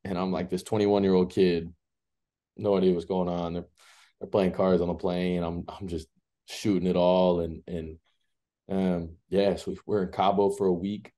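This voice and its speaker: A man in his twenties telling a story as an interview guest, relaxed and rambling with many filler words. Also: deep voice, normal speed. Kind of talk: casual storytelling.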